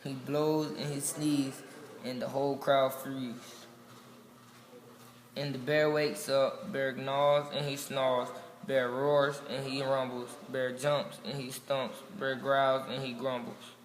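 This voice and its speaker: A man reading a children's picture book aloud, slow and gentle. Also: medium pitch, little pitch movement, a little hiss or hum. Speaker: storybook reader. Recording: echoey room with long reverb.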